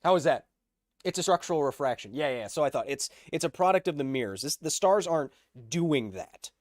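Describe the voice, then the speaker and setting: A man's voice: a little high, lively intonation, fairly quick, dry recording, clean studio sound. A man hosting a livestream, explaining science casually and answering chat with jokes. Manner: explains science, reads chat aloud, jokey. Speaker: host.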